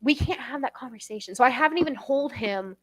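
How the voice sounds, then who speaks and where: A woman's voice: high-pitched, lively intonation, fast talker. A young woman hosting an interview, talking in a candid, rambling way that is full of swearing and emotion. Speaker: host.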